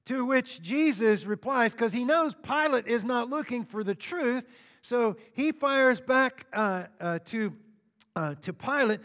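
A man with a high-pitched voice preaches a sermon, teaching through scripture verse by verse. He breaks off into casual asides to the congregation, and his voice rings with the long reverb of a large hall. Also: expressive, measured pace, fairly bright tone. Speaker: pastor.

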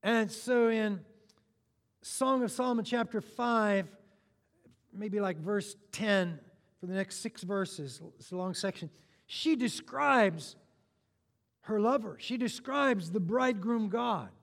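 A high-voiced man preaches a sermon with lively energy and playful asides to the crowd. His voice rings out with a long reverb, as if he stands in a large hall. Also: slow, vocal fry. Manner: animated, joking asides to the congregation.

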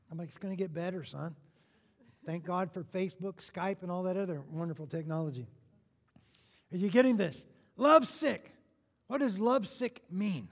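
A high-voiced man preaches at normal speed but pauses often, bringing lively energy and playful jokes for the congregation. The long reverb on his voice suggests he's standing in a large hall.

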